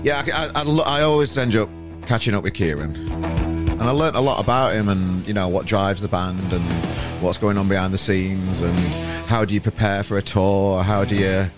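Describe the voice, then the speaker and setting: Low-voiced male host. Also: moderate pace, loud music behind the voice. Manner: blunt, rambling, lots of fillers. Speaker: podcast host. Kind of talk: casual chat and rant.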